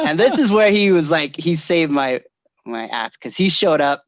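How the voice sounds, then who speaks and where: A man telling family stories in casual chat, animated and quick to laugh, acting out the voices of the people in them. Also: a little high, no room sound. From California. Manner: animated storyteller, laughs often, acts out voices.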